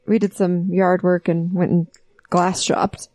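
A woman's voice: on the low side, little pitch movement, moderate pace, mellow, no room sound. Chatty female podcast co-host. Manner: chatty, interjecting, jokes. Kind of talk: casual chat.

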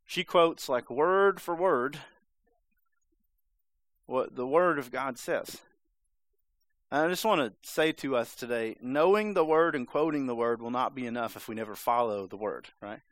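A man's voice: mid-range voice, unhurried, fairly bright tone, no echo. A man preaching a sermon in a conversational, emphatic way, sometimes acting out voices. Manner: conversational, emphatic, acts out the serpent's lines.

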